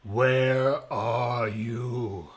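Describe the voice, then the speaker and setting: A huge, angry stone giant from a storybook tale. He growls every word out at a crawling pace, his voice rough and gravelly. The menace stays heavy and deliberate throughout. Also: mid-range voice, steady tone. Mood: menacing growl.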